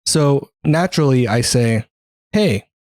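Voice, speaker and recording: Young male podcast co-host; lively, laughing storyteller, dry close mic. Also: mid-range voice, normal speed, no echo. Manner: animated, laughing storyteller, swears a lot. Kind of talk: casual chat.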